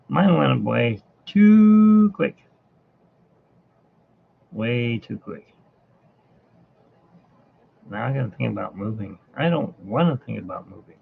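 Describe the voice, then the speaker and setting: A man with a creaky, mid-range voice chats casually and rambles to himself while drawing live for his viewers. He's a live-drawing streamer, heard over a tinny, phone-like line with a faint hiss.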